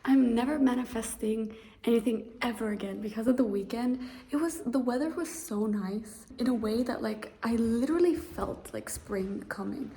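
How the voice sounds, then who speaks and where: A young adult woman vlogging in a casual, chatty way, ranting and getting excited, with lots of fillers. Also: a little high, husky. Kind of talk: casual vlog chat.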